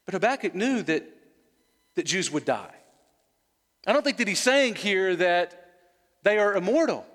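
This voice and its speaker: Male preacher, higher voice, earnest expository sermon, long hall reverb. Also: very animated, a little slow, pauses often, fairly bright tone. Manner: earnest, repeats words when emphasizing, asks listeners questions.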